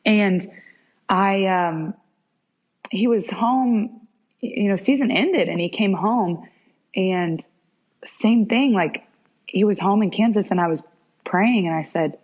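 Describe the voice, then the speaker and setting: A young woman, a former pro soccer goalkeeper, tells stories as a guest in a casual podcast interview. Her mid-range voice moves slowly with long pauses, and she animatedly acts out quoted dialogue. The podcast audio is dull and lo-fi.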